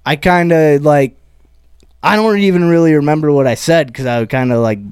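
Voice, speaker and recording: A man's voice: a little high, normal speed, a little mellow, smooth, no room sound, studio quality. A man, a stand-up comedian, telling a rambling, profane story in casual chat.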